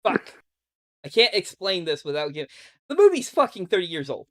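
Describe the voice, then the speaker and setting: A man's voice: sits high, big pitch swings, fairly quick, fairly bright tone. A man hosting a casual podcast chat, rambling and sarcastic, swearing often. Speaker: podcast host.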